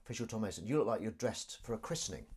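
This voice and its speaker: A man's voice: lowish voice, animated, rapid-fire, darkish tone, slightly rough. A man hosting a live stream in a casual, jokey, self-mocking way, reading viewer comments aloud.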